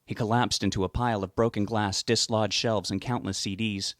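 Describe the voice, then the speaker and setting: A man with a fairly low voice narrates a novel as an audiobook in a steady, measured manner. The recording is dry and close, with no room sound.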